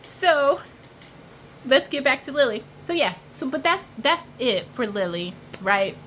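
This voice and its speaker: A woman with a high voice tells a personal story straight to her viewers. She talks casually and with emphasis, repeating herself and swearing it is true. A faint hum of noise sits behind her. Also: fairly bright tone, rough recording. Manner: emphatic and repetitive, insisting she is not lying. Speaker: vlogger.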